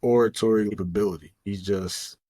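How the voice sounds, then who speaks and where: A man's voice: on the low side, steady tone, fairly quick, warm tone, husky. A man co-hosting a podcast, chatting casually and rambling with lots of fillers and restarts. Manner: rambling, heavy on fillers like "you know" and "um". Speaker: podcast co-host. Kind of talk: casual chat.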